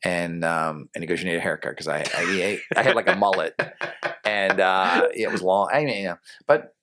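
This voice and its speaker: This is a middle-aged New England man, a veteran TV news anchor, appearing as a guest on a podcast and telling stories from his career in an easygoing, meandering way. He has a faint regional accent and a low-pitched voice at a moderate pace, with plenty of fillers and restarts over a noisy background.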